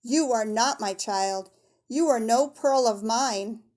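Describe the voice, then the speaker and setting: A woman voicing a wild, mischievous little girl who is defiant and teasing, speaking high and playful. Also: slow pace, a little mellow.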